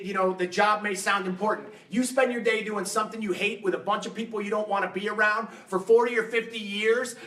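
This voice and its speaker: A man giving an energetic, emphatic motivational talk to a live seminar audience, firing rhetorical questions at them. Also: high-pitched. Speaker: fitness coach and motivational speaker. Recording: roomy hall sound, mic at a distance.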